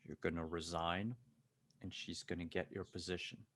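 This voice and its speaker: A man's voice: sits low, level tone, normal speed. A man voicing a big, tough male bodyguard who speaks steadily and threateningly in a tabletop game. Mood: calm menacing.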